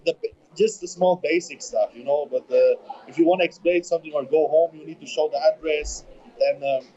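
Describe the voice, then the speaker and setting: A German-accented bodybuilder in his twenties, speaking English as a second language, is a guest in a casual interview, halting and repeating words while searching for them. His voice is a little high with a warm tone, heard over dull, lo-fi remote audio.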